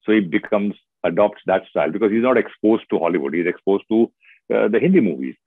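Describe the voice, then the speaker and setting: A middle-aged man with an Indian English accent speaks in a fairly low voice and chats with expressive, story-driven energy. The sound is dry and close, with no room around it, and thin and tinny like a phone line. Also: fast, dry recording. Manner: expressive, storytelling, lively asides. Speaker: actor guest. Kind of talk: casual interview chat.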